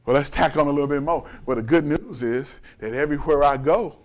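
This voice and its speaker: A man who is a pastor preaching a sermon, rising to shouts and dropping to hushed lows as the congregation answers. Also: brisk, low-quality recording. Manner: call-and-response preaching, rising to shouts then dropping low.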